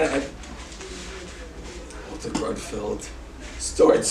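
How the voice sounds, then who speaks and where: A man in his seventies telling a personal story to an audience, animated and halting, moving between loud bursts and hushed asides. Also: on the high side, slight background noise. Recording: echoey room, distant mic, faint ambience.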